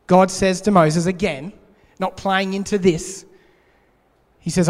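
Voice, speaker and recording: A man's voice: sits high, steady tone, slow. A man preaching a sermon in an earnest way, repeating his key points. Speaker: pastor. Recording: long hall reverb.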